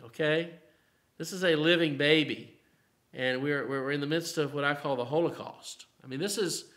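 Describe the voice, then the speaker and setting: Here a man with a fairly high, sharp voice and an Appalachian Southern American accent teaches a mid-week Bible study as its pastor. He keeps it conversational, leans on "you know" as filler, and climbs into forceful declarations.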